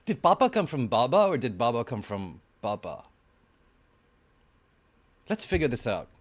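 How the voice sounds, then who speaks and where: Lively-voiced man podcast co-host. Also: medium pitch. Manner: playful, quick to laugh, short backchannels. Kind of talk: casual podcast chat.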